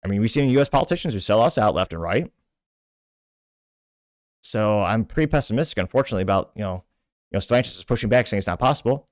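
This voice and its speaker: A man's voice: fairly low pitch, animated, fast talker, long pauses, dry recording. Indignant man ranting in dry commentary. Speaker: show host. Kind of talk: political opinion commentary.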